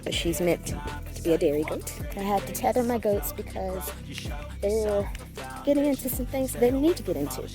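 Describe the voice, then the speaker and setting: A woman's voice: medium pitch, moderate pace. Chatty woman with music behind. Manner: chatty and informal, with frequent ums. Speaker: small farm owner. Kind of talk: casual vlog chat. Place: outdoors around a small farm.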